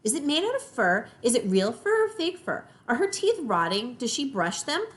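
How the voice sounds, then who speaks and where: A woman doing an excitable little girl firing off questions. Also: a little high, pitched above the performer's own voice. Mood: eager curious. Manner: rapid-fire eager questioning.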